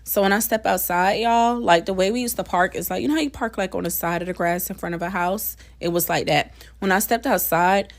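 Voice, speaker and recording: A woman's voice: medium pitch, steady tone, a little fast, few pauses. A woman telling a casual storytime straight to her listeners, chatty and blunt, swearing freely.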